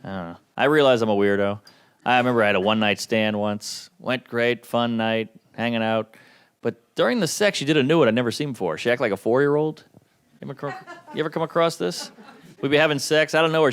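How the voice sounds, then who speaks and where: A man doing a stand-up comedy set with a wry, self-deprecating delivery, swinging between low mutters and sudden high outbursts. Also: quick pace. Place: comedy stage before a laughing audience.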